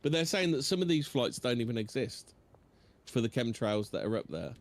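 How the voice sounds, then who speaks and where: A man, co-hosting a casual chat podcast, animated and quick to jump in. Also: medium pitch. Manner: animated, chatty, quick to interject. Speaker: podcast co-host.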